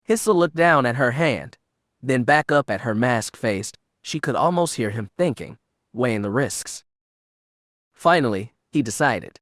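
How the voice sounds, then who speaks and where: A male audiobook narrator reads in a steady, even manner at a mid-range pitch. The recording is close and dry, with no room echo. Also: measured pace. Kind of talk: scripted narration.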